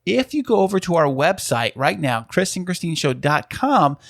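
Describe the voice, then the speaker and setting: A man's voice: fairly high pitch, big pitch swings, normal speed, gravelly. A man co-hosting a podcast in casual chat, upbeat and chatty, explaining things at length. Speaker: podcast co-host.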